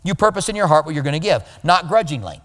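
A male pastor giving a conversational sermon, animated and now and then mimicking other people's voices. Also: on the high side, fast talker, long reverb tail.

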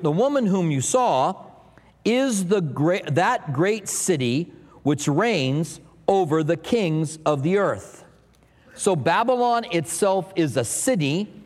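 Preaching man with a high voice, long reverb. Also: a little mellow. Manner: teaching with asides and humor. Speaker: pastor. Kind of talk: sermon.

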